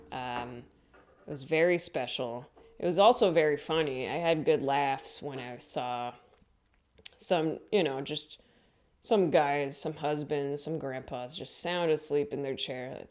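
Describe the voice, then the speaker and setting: Chatty woman comedian, lowish voice. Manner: chatty and rambling, with frequent self-corrections and laughs. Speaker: stand-up comedian. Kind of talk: casual vlog monologue.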